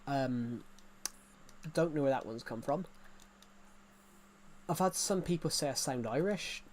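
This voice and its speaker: A man's voice: medium pitch, lively intonation, a little slow, darkish tone, slight background noise. Chatty young English man streaming. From England. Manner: rambling, chatty, many restarts and fillers. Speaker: gaming streamer. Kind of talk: casual live-stream chat.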